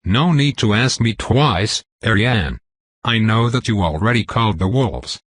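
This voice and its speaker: A man's voice: lowish voice, expressive, a little slow, fairly bright tone, no echo. A man voicing an eager, earnest young male leader in a fantasy audiobook.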